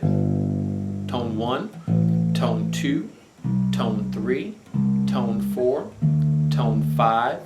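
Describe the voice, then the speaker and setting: Male bass instructor, lively pitch, unhurried, counting tones, echoey room with bass notes. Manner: patient, counts out scale tones while playing. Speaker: bass guitar teacher. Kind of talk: instructional lesson. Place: room with bass guitar playing. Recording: roomy echo with bass guitar playing.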